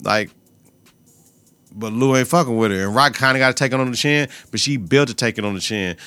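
Male podcast host, bright gravelly voice, dry close sound, slangy profane recap. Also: mid-range voice, dry recording. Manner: profane, slangy retelling with quoted lines. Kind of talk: casual TV episode recap.

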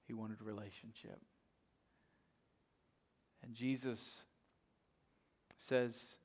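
A man preaching a sermon as pastor, swinging between loud emphatic lines and hushed ones. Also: medium pitch, fairly even intonation, takes it slowly, pauses often.

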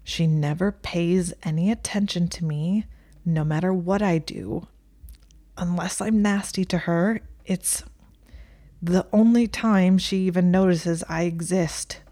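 A woman's voice: lowish voice, steady tone, measured pace, mellow. A woman reading the lines of a proud, pompous young wizard who sounds indignant and choked. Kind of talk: storybook reading.

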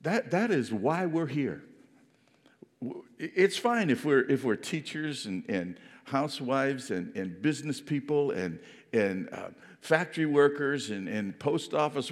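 A man preaching a sermon in an earnest, reflective way, often restarting and repeating words. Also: medium pitch. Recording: long hall reverb.

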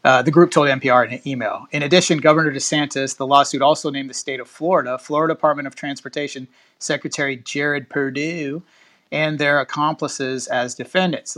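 A man's voice: mid-range voice, a bit bright. A man hosting a podcast, reading a news article aloud in a casual chatty way, stopping to comment and laughing at the wording. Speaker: podcast host.

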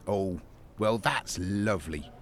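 A man playing a dim, literal-minded father in an audio comedy sketch, musing slowly. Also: sits low. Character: dim, slow-talking middle-aged dad.

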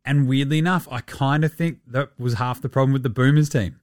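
A man's voice: mid-range voice, a little fast, no echo, studio quality. An Australian man hosting a casual sports podcast, rambling, swearing freely and laughing at his own jokes. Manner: animated, profane, rambling. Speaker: podcast host.

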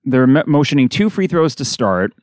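A man hosting a podcast, calling a basketball game live with bursts of excitement. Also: medium pitch, normal speed, no echo, clean studio sound. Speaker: podcast host doing live game reaction. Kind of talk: excited play-by-play commentary.

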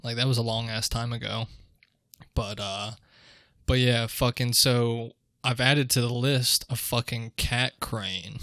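A man's voice: mid-range voice, steady tone, measured pace, bright, forceful tone, no echo, clean studio sound. A young man co-hosting a podcast, telling stories in a laid-back way with plenty of swearing. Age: young adult. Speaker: podcast co-host. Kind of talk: casual chat.

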